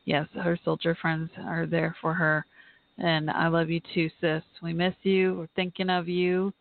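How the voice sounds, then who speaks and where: A woman hosting a live podcast, talking in an earnest, heartfelt, halting way and reading aloud. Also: on the low side, level tone, gravelly, no echo. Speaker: podcast host. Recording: tinny phone-line audio, dry.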